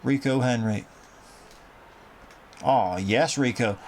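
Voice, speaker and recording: A young gaming commentator narrates his football game in a casual, wry manner, sighing at goals and cursing now and then. His medium-pitched voice is gravelly with vocal fry trailing off his phrases, lively in intonation and a bit slow, while clear background noise persists throughout.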